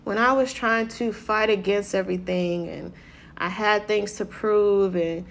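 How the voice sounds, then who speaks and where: A woman speaking at an ordinary mid pitch gives a loose, conversational motivational talk. She keeps checking in with her listeners and slips into quick impressions of what people say. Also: steady tone, gravelly, slight background noise. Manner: conversational, keeps asking "right?"; acts out quoted voices.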